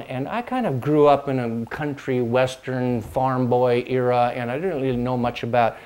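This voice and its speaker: A man's voice: medium pitch, a little mellow. An older man from the Pacific Northwest reminiscing about his early music years, talking in a rambling way with fillers and restarts and stopping now and then to strum chords on an instrument. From Pacific Northwest, United States. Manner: demonstrates chords while talking. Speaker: host and dulcimer player. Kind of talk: casual reminiscing monologue.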